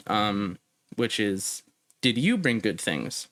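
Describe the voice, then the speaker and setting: A young man gives a relaxed language lesson, hesitating often and drawing out each foreign phrase syllable by syllable. His voice is smooth and clear. The recording is close and dry, with no room sound. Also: lowish voice, no echo. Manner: halting, with many ums and uhs; slows down to spell out phrases. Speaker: language teacher.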